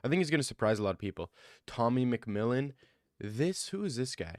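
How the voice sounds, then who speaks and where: A man giving casual MMA commentary, thinking out loud and rambling, then breaking into excited rants. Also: medium pitch, fairly quick, no echo, clean studio sound. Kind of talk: casual fight-card commentary.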